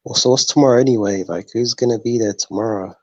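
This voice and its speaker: A man's voice: medium pitch, fast, no room sound. A man chatting casually in an open mic session, telling stories that drift off topic. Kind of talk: casual chat. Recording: dull lo-fi audio.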